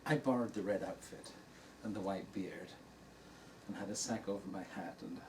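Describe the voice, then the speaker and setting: An older man, a dharma teacher, telling a personal story to an audience in a relaxed, anecdotal way and laughing at his own tale. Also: deep voice, moderate pace. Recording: distant mic in a room with faint noise.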